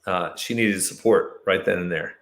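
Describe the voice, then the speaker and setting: Low-voiced man telling a tense story. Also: normal speed, roomy sound. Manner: animated retelling, voice jumps high when acting out shouted lines. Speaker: host telling a personal story. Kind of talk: storytelling monologue.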